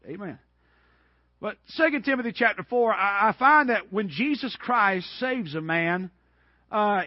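Male preacher, folksy and emphatic, very high voice, dull dry recording. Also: dry recording. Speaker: Baptist preacher. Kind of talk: sermon.

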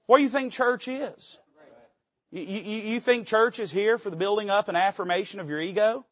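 Emphatic high-voiced male preacher. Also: normal speed, no echo, muffled recording. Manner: emphatic, folksy, quotes old scripture aloud. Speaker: pastor. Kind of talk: sermon. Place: church pulpit.

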